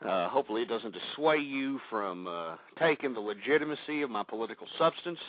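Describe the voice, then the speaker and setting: A man's voice: medium pitch, lively intonation, a little fast, dry recording. Male radio host, panicky, stammers, muffled lo-fi sound. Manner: rattled, rambling, stammering. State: panicked, heart racing. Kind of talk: rambling radio monologue.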